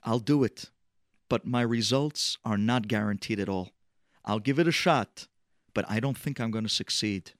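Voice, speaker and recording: A man voicing a humble, hesitant man who speaks low and pleads quietly. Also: normal speed, dry recording, studio quality, lightly acted. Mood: reluctant. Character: humble, hesitant middle-aged man, soft-spoken.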